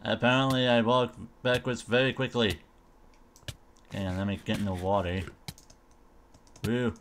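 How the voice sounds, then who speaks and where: Slow, goofy young man showing a game. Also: on the low side, fairly even intonation, a bit bright, a little hiss or hum. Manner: goofy, mumbling silly noises; unhurried, thinking aloud. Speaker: gamer showcasing a mod. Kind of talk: casual gameplay commentary.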